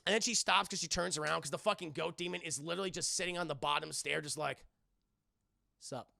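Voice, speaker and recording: Young male streamer, gravelly and bright, rambling profane recap, dry mic. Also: on the high side, fairly even intonation, quick pace, slight background noise. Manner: rambling, hesitant, swears often. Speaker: streamer reviewing a film with live chat. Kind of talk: casual profane movie recap.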